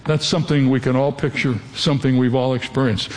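A man's voice: mid-range voice, fairly even intonation, brisk. An older man preaching a sermon as a pastor, earnest and direct, often putting questions to his listeners. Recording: long hall reverb.

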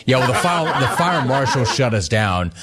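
A man on the radio telling a casual story, acting out the people in it with lively swings in his voice. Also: mid-range voice, normal speed, a crowd in the background. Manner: animated, acts out both sides of the story. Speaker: radio host.

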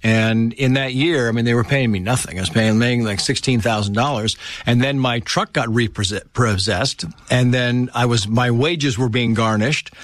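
A man in casual conversation, telling personal stories with lively acted-out quotes. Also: medium pitch, normal speed, few pauses, dry recording. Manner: animated storyteller, acts out quoted voices. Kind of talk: casual storytelling chat.

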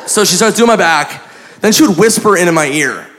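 A man doing stand-up, telling a story in an animated, profane way and acting out the people in it, on a club mic. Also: high voice, fairly quick. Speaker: stand-up comedian. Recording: live club mic with a noisy crowd.

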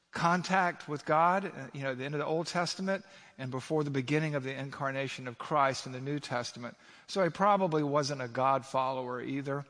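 A man's voice: on the high side, fairly bright tone, long reverb tail. A male pastor preaching a sermon, emphatic, with rhetorical questions to his congregation.

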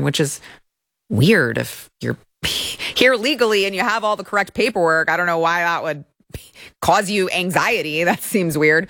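A woman's voice: lowish voice, animated, moderate pace, fairly bright tone, no room sound, clean studio sound. A woman hosting an opinionated commentary show, talking in a sarcastic, mocking way.

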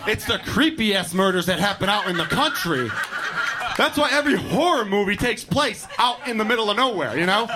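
A man performing a stand-up set on a comedy club stage, ranting loudly and swearing into a handheld mic. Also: high-pitched, lively intonation, normal speed, background noise. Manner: loud, profane ranting.

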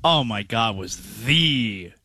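A man hosting a casual sports talk show, rambling with quick asides and restarts. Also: lowish voice, lively intonation, vocal fry, pushed and bright, breathy edge, no echo. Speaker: host.

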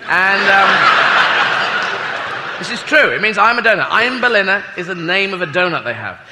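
A male comedian with a high, animated voice tells a rambling story at a moderate pace, mocking himself and tossing in sweary asides. The audience can be heard, since this is a live comedy club recording with long reverb.

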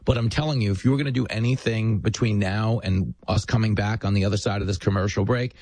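A man's voice: on the low side, fairly even intonation, fast, a little mellow. A man hosting a talk show, delivering an emphatic, sardonic political monologue into a studio microphone.

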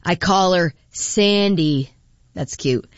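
A woman's voice: on the low side, slow pace, dry recording, highs cut off. Chatty woman on morning radio. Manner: chatty, laughing, with frequent fillers. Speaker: radio morning show host. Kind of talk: casual radio chat reading listener texts.

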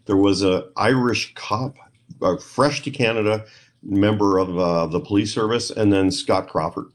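Low-voiced man telling a long story. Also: measured pace. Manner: rambling, animated retelling with quoted voices. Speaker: guest, paranormal investigator. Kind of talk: storytelling interview.

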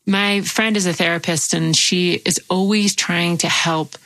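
A woman's voice: on the low side, fairly even intonation, unhurried, dry recording, rough recording. A woman hosting a conversation, talking thoughtfully about her ideas and often agreeing with her guest. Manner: warmly agreeing, reflective. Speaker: host. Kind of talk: casual chat.

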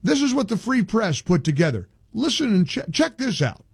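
A man's voice: high voice, very animated, moderate pace, creaky, husky, no room sound, studio quality. A male talk show host giving indignant, emphatic political commentary, often restarting his sentences.

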